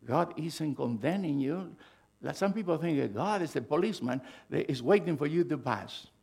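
A middle-aged male pastor preaching a sermon, swinging from loud, emphatic bursts to hushed asides. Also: a little high, expressive, normal speed, creaky, breathy edge.

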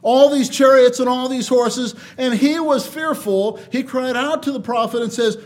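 A man preaching a sermon, swinging between loud emphasis and quiet asides, and reading scripture in a measured cadence. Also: very high-pitched.

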